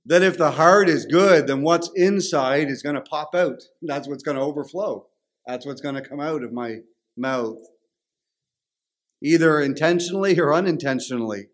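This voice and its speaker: A man's voice: on the high side, normal speed. A man preaching a sermon, emphatic and repeating phrases for stress.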